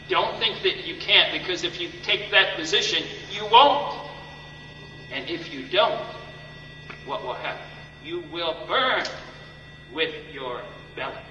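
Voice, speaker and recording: A man with a fairly high, very bright voice preaches with fervent, dramatic force, often repeating himself for emphasis. He is recorded from far off in a long-reverb hall. The sound is dull, with a faint hum underneath. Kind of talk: sermon.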